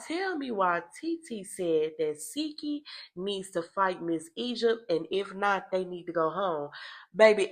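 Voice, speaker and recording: A young adult woman recapping reality TV in casual, profane gossip with dramatic loud outbursts. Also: mid-range voice, creaky.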